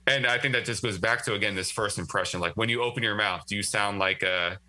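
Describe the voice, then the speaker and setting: A man's voice: fairly low pitch, fast, pushed and bright, poor audio. A man speaking as a guest writer in a casual political discussion, talkative and thinking aloud with frequent restarts.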